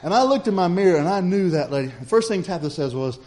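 A man's voice: high voice, animated, fast talker, noisy background. A man preaching a sermon, telling a story in a folksy, chatty way and speaking straight to the congregation.

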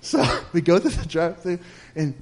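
A man's voice: a little high, big pitch swings, normal speed, a little mellow. A man preaching a sermon, telling a story in a folksy, chatty way and speaking straight to the congregation.

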